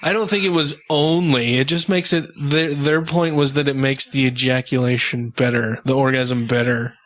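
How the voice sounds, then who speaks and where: Man, podcast host, studio chat, reads aloud with amused disgust, mid-pitched voice. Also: steady tone, moderate pace, fairly bright tone.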